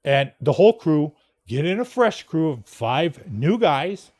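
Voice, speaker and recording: A man hosts his show in a loose, rambling monologue. His voice sits slightly high and moves a lot in pitch. He is blunt and drops profanity casually as he tells the story. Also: big pitch swings, unhurried, darkish tone. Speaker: podcast host.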